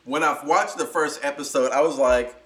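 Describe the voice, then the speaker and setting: A man co-hosting a podcast in casual chat, expressive and gushing about a show. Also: a little high, normal speed. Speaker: podcast co-host.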